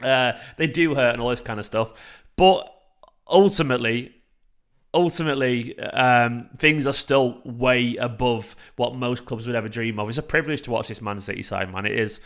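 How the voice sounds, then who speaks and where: Casting: young man, livestream host, animated, loose, swears freely, mid-pitched. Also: normal speed. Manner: animated, chatty, swearing, frequent fillers and restarts. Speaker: fan channel host reading live chat. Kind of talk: casual livestream chat.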